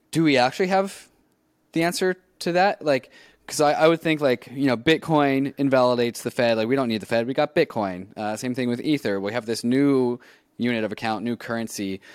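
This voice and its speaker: A man co-hosting a casual podcast chat, musing out loud in a reflective way, often saying "right" and "like". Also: mid-range voice, no echo, clean studio sound. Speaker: podcast co-host.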